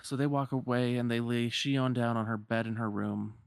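A man's voice: mid-range voice, steady tone, normal speed, vocal fry, clear, resonant tone, no echo, clean studio sound. Man retelling a game story. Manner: plain storytelling with fillers and restarts. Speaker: narrator.

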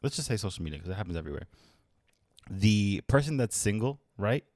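A man's voice: lowish voice, lively intonation, a little fast, darkish tone, no echo, studio quality. An American man in casual podcast chat, swearing freely and laughing while he rants. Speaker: podcast co-host.

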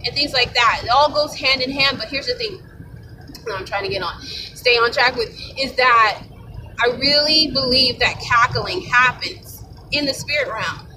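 Woman, high voice, casual faith talk, off-mic with a heavy rumble behind. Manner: rambling, conversational, asks for agreement. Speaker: Christian speaker. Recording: distant mic with loud rumble.

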